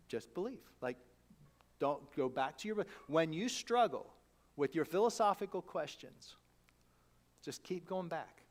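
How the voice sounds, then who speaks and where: Male pastor, sermon delivery, casual and animated, slightly higher voice. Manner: conversational, animated, acts out quotes.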